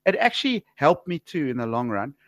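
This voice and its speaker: A man from Africa, hosting a podcast interview and telling stories in a chatty, slangy, animated way. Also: on the high side, brisk, dry recording. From South Africa. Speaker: podcast host. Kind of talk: casual interview chat.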